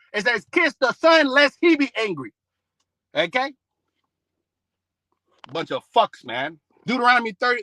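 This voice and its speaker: A man's voice: very high-pitched, pushed and bright, no echo, poor audio. A man preaching a heated, profane religious rant, scolding his listeners and quoting scripture between outbursts. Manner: scolding, peppered with "man" and "bro".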